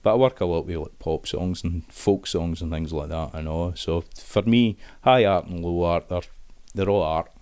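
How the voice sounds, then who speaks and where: A man's voice: low-pitched, moderate pace, darkish tone, clear, resonant tone, dry recording. A man with a Scottish accent talking casually in an interview, chatty, with frequent restarts and dialect words. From Scotland. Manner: chatty, many restarts and fillers, dialect words like aye and wee. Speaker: Scots language expert guest.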